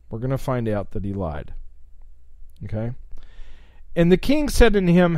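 A man on a livestream walks through scripture with a lively, swooping delivery and a voice a little higher than most men's. His sound is close and dry, with no room around it. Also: no echo. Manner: animated, reads scripture aloud with asides. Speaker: online Bible teacher. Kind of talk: livestream Bible teaching.

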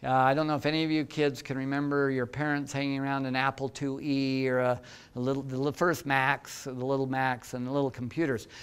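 A man in his sixties, an entrepreneur lecturing students with lively, self-deprecating stories and asides to the audience. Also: medium pitch, fairly quick, clean tone.

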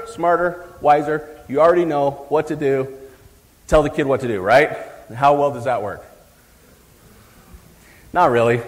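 A middle-aged man giving a live talk on parenting to an audience, chatty and joking with the crowd. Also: medium pitch. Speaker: psychologist speaking at a parenting event. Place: large hall, live event. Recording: long hall reverb.

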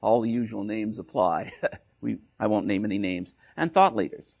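Gravelly, joking male lecturer. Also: on the low side, expressive, normal speed, a little mellow. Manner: joking, with frequent restarts and tag questions. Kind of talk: academic talk.

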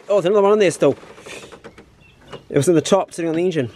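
A man's voice: high-pitched, very fast, dark tone, a little hiss or hum. A man, chatting casually and slangily in his hunting vlog, first out on a farm and then indoors. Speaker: hunting vlogger.

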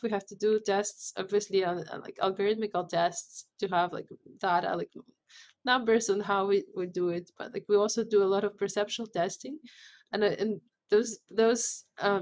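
Woman explaining with many restarts. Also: medium pitch. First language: not English. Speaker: CEO and guest. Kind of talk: podcast interview.

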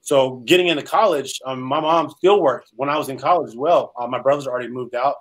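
A man's voice: medium pitch, fairly quick, low-quality recording. A man from California, a former pro football player, telling his story as an interview guest, earnest and rambling with many "um"s. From Salinas, California, US.

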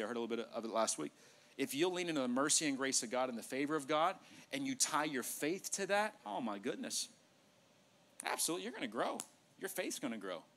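A male pastor preaching a sermon in a church, animated, joking with the congregation and acting out dialogue. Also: on the high side. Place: church sanctuary.

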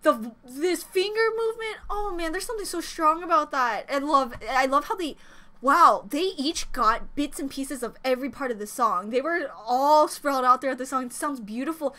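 High, bright, gushing woman reacting. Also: lively intonation, moderate pace. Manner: gushing, exclamatory, rambling and emotional. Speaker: K-pop reaction youtuber. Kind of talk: excited music video reaction.

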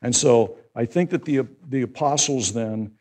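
A man's voice: medium pitch, measured pace. Man preaching in a casual, rising voice. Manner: conversational preaching that swells to loud, lively emphasis. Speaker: pastor. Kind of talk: sermon.

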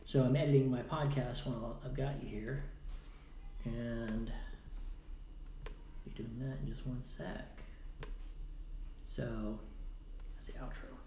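Speaking slowly with frequent pauses, this man has a mid-range voice and a steady tone. He hosts a laid-back live stream, chattering playfully, muttering while he edits audio, and swinging from loud outbursts to hushed asides. There's faint noise and a roomy echo in the recording.

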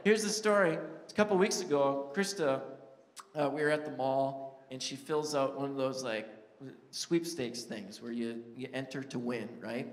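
A man's voice: medium pitch, moderate pace. A male pastor preaching a sermon in a church sanctuary, telling stories in a conversational, joking way. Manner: conversational, storytelling, jokes with the crowd. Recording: echoey church hall reverb.

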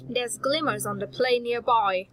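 A woman voicing a gruff but friendly old male dwarf smith who talks in a folksy, homely way. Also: fairly high pitch, measured pace, fairly bright tone, poor audio. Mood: hospitable.

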